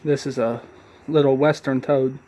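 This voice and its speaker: A man with a stuffy, congested voice talks casually while he films his animals in a dim room at home. His pitch sits in the middle for a man, and he chats in a relaxed way with small apologies along the way. A faint hum of room noise sits behind him. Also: normal speed. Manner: relaxed, chatty, apologetic asides. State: congested from illness. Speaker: pet keeper filming his animals. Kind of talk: casual narration while filming. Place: home, dimly lit room with tanks.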